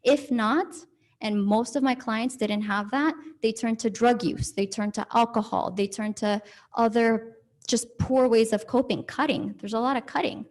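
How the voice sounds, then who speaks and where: Woman counselor, calm and practical, mid-high voice, conversational talk. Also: normal speed. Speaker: counselor giving a church talk. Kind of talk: talk with audience questions. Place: church hall.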